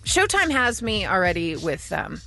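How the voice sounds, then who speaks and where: A woman's voice: fairly low pitch, huge pitch swings, moderate pace, creaky, pushed and bright, faint music behind. A woman hosting a radio show, reading entertainment news and teasing her co-hosts. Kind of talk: morning radio banter.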